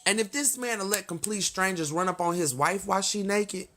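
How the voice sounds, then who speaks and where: A woman's voice: medium pitch, fairly quick, a bit bright, slight background noise. A woman hosting a casual livestream, ranting heatedly and profanely straight at her viewers, breaking off to laugh and apologize. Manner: laughs often, apologetic asides. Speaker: livestream host.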